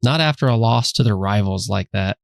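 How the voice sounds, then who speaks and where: A man with a gravelly voice talks through college football results with easy, joking slang. The sound is dry and close, with no room behind him. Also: lowish voice, brisk, no room sound. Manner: laid-back, joking, slangy. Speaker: podcast co-host. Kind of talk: casual sports chat.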